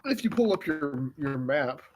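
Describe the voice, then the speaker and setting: A man's voice: fairly high pitch, animated, a little slow, slight background noise. A man acting as game master, running a tabletop game with friends in a playful, teasing way.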